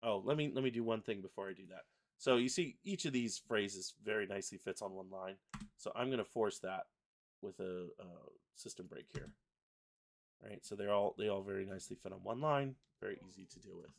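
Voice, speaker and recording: A man hosting a live software tutorial, thinking aloud and correcting himself as he works. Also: on the low side, a little fast, gravelly. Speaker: software livestream host. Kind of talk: casual live software demo.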